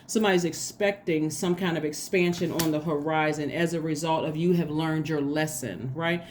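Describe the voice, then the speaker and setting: A woman with a fairly low voice gives a spoken tarot reading. She talks earnestly and directly to the listener and circles back to repeat her points. A faint hiss sits under the recording. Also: steady tone, moderate pace, darkish tone. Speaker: tarot reader.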